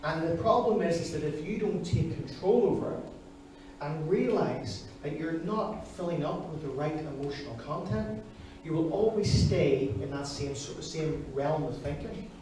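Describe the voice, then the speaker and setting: Guy preaching, slightly high voice, far from the mic in a big echoey church hall. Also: normal speed, mellow. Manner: earnest and personal, speaking to the congregation. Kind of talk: sermon.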